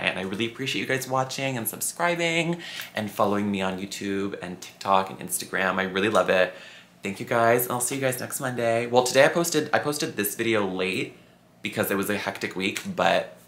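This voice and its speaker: A man of about twenty, the channel's host, answering viewer questions in a chatty, campy, expressive way. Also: fairly low pitch, a little hiss or hum. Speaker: YouTuber. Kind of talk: casual Q&A vlog. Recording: echoey room.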